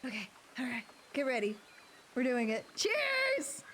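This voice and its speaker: A woman's voice: fairly high pitch, steady tone, normal speed, slight background noise. A woman streamer chatting casually and playfully with her viewers and thanking them.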